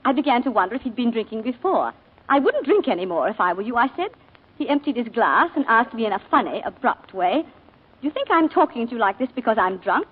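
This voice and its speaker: In a 1940s radio drama, a shaken planter's wife recounts a shooting in a halting, emotional way. Her female voice is high, lively, and slightly rough, heard through a tinny old broadcast.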